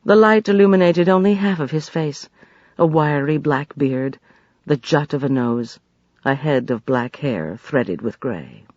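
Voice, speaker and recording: A man narrating an audiobook in a measured, expressive way. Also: fairly high pitch, dry recording, muffled recording.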